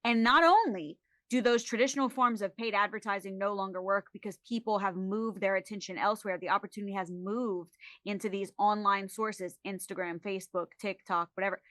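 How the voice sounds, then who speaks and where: A woman, a social media expert guest on a podcast, talking in a lively, emphatic, joking way. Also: medium pitch, a little fast, no room sound. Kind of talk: casual interview chat.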